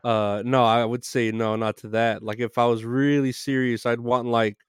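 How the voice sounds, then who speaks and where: A man hosts an interview in a smooth, resonant voice. He rambles and giggles, trailing off into crude tangents. The sound is dry and close to the mic. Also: mid-range voice, level tone, moderate pace, no room sound. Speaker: interview host. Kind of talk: casual interview chat.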